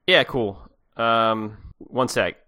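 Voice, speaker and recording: A man's voice: on the low side, very slow, pushed and bright, clean tone. A man co-hosting a podcast, chatting in an easygoing way, agreeing and adding wry quips. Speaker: podcast co-host. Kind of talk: casual chat.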